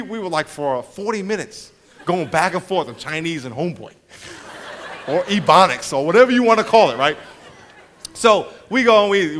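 A man's voice: on the high side, a little hiss or hum. A man around forty preaching a sermon, telling stories with lots of laughter and acting out the people in them. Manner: animated, laughs often, mimics people in his stories. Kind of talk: storytelling sermon to a congregation.

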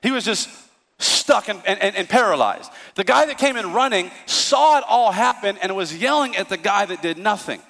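A male pastor preaching a sermon, telling stories in an animated way and acting out the voices of the people in them. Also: sits high, normal speed, gravelly, long reverb tail. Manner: storytelling, animated, acts out voices. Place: church.

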